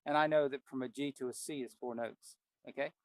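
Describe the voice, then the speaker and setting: A man's voice: medium pitch, fairly even intonation, brisk, no room sound. A man giving a casual ear-training lesson at the piano, naming the notes he plays and thinking aloud as he goes. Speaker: piano teacher. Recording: piano loud behind voice. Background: piano playing.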